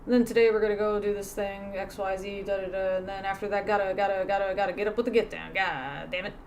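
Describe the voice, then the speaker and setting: A woman plays a gruff male army sergeant who barks clipped, repetitive orders and swears between them. The delivery is loud and rapid-fire, at an ordinary middle pitch. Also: steady tone, slight background noise, natural voice. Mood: barking. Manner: clipped barked repetition, cursing.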